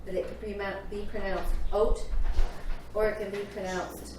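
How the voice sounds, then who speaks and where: A woman's voice: mid-range voice, level tone, fairly quick, background noise. A woman in a group Bible study, explaining a word point by point. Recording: echoey room, heard from far off.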